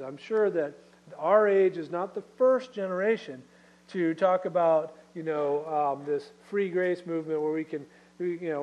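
A man's voice: high-pitched, muffled recording. A man preaching a Bible-study sermon in a conversational way, with fillers and rhetorical questions. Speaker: pastor.

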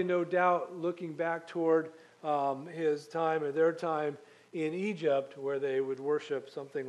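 A man's voice: on the high side, a little mellow. A man preaching a conversational Bible-teaching sermon, walking through scripture with frequent ums and restarts. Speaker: pastor.

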